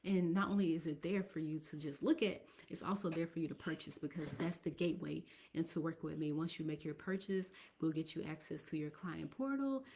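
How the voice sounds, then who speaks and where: A woman's voice: low voice, brisk, few pauses, dark tone. A woman hosting a casual business live stream, talking straight to viewers in a chatty way and sometimes dropping to a whisper. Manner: chatty, addresses viewers directly, drops into whispers.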